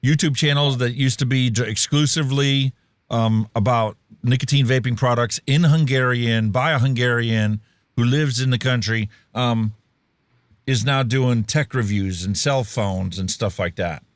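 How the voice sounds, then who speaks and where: A man's voice: mid-range voice, normal speed, no echo, clean studio sound. A man co-hosting a casual podcast talk show, rambling with lots of fillers and dad jokes. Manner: jokey, rambling, many fillers. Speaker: podcast co-host.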